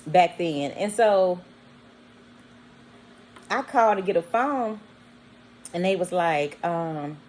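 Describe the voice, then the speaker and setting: Woman, low-pitched storyteller vlogging casually, animated retelling, slight background noise. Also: slow pace, long pauses, rough recording. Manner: animated, acts out quoted voices with bleeped words.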